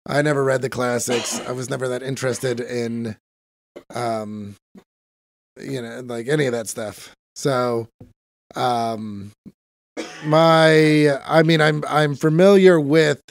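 A man's voice: medium pitch, steady tone, slow, vocal fry, no room sound, clean studio sound. A man co-hosting a casual podcast chat, rambling and profane, sick for days. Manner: rambling, profane, self-mocking. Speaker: podcast co-host.

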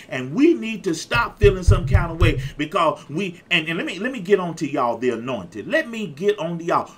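This fifties-aged pastor delivers his sermon in a high, slightly bright voice with a breathy edge. Full of exuberance, he leans on call-and-response, repeating phrases and calling out to the congregation.

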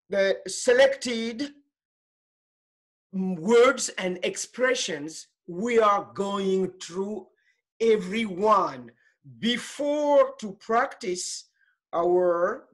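A woman teaching French in an online class, patient and repetitive, switching between French and English with halting restarts. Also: medium pitch, lively intonation. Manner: slow and patient, repeating phrases, mixing French and English.

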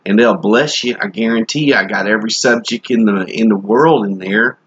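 A man's voice: fairly low pitch, a little fast, fairly bright tone, husky, lo-fi sound. A man preaching a comic sermon in a folksy, joking, rambling way.

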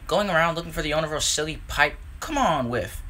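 A man's voice: fairly high pitch, expressive, fast, bright, forceful tone. A man voicing a reluctant, grumbling small male engine in a storybook reading, with a complaining tone. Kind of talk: storybook character voice.

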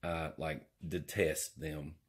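A man's voice: a bass voice, flat delivery, takes it slowly, breathy edge. A man, rambling and joking his way through an indoor vlog. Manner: rambling, jokey, drawling. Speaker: vlogger.

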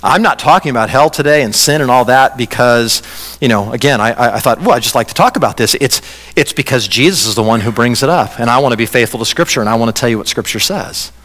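Bright-voiced pastor preaching in an echoey church. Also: male voice, medium pitch, fast. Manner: conversational preaching, animated, acts out quoted voices. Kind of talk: sermon. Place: church sanctuary. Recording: reverberant church hall.

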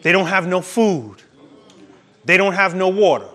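A man's voice: sits high, expressive, measured pace, pushed and bright. A male pastor preaching a sermon with emphatic, preachy delivery and laughing at his own points.

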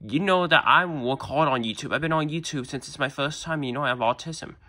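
A man's voice: a little high, brisk, bright, forceful tone. A man voicing a young girl YouTuber who whines and pleads, barely shifting his own voice. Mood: upset.

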